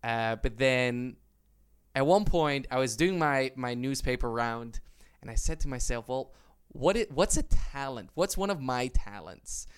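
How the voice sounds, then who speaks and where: A man's voice: mid-range voice, expressive, unhurried, clear, resonant tone. Resonant-voiced young man telling his story. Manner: eager, storytelling, with many fillers and restarts. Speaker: guest YouTuber. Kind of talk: casual interview chat.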